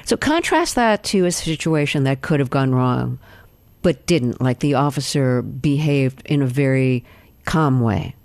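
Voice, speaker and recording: Host interviewer, measured prompts, mid-pitched voice, dry close mic. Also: lively intonation, creaky, no echo. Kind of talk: interview questions.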